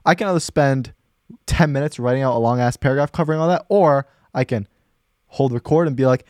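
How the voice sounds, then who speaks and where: A young man co-hosting a casual podcast, talking quickly and animatedly to the listeners. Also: mid-range voice, dry recording, clean studio sound. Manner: fast, animated, addresses listeners as guys. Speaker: podcast co-host.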